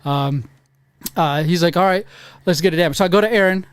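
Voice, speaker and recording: Profane, animated man telling a story. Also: high-pitched, a little fast, clean tone, no room sound. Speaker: podcast co-host. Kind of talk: casual storytelling chat. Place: podcast studio.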